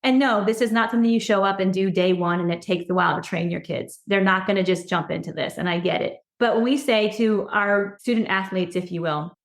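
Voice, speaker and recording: A woman speaking as a podcast guest, an education consultant talking earnestly and growing excited as she goes. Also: mid-range voice, a little fast, hardly any pauses. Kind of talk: casual podcast conversation. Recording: roomy echo.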